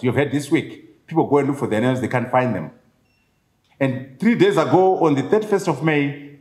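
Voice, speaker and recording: A Zimbabwean man speaking at his book launch, his fairly high voice swinging widely as he presses his points. He piles up rhetorical questions and repeats key words for weight. The sound carries a strong echo from the room. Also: darkish tone. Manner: emphatic, rhetorical questions and repetition. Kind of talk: public speech. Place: event venue, echoing room. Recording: echoey room.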